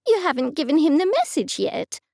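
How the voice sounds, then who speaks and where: Woman narrator doing a curt, bossy aunt, a bit higher, gravelly. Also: sing-song, moderate pace, a little mellow, dry recording, clean studio sound, exaggerated voice. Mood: commanding. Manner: curt and commanding. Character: brisk, bossy older aunt, easily exasperated.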